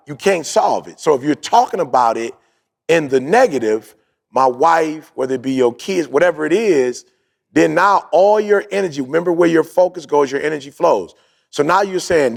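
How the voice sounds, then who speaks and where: Guy with a gravelly voice, kinda high, podcast host chatting and acting out what people said. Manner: animated storytelling, acts out quotes, repeats points. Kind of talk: casual motivational talk.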